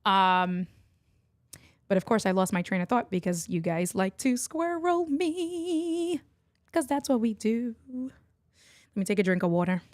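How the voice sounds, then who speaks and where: A middle-aged woman talks casually to her livestream audience from her desk mic. She is chatty and quick to laugh, greeting viewers by name. Her voice sits at a middle pitch in a dry, close recording. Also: big pitch swings, dry recording. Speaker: livestream host and online entrepreneur.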